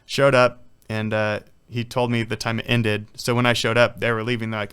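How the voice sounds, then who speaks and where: A man's voice: mid-range voice, little pitch movement, fairly quick, fairly bright tone, clean tone. A man, a professional athlete, talking casually in an interview, rambling through stories with lots of "like" and "you know.". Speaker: guest, professional water polo player.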